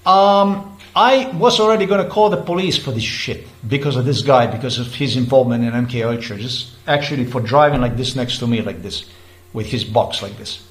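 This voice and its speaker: Speaking briskly in a mid-range voice, a man vlogs about a roadside dispute, agitated, circling back in repetitive restarts and cursing as his temper rises. The audio quality is rough.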